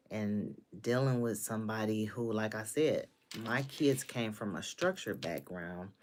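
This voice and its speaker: A woman's voice: extremely low pitch, a little hiss or hum. A woman in her fifties chatting casually on a live stream from her home office, talking to viewers by name. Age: 50s. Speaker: livestream host.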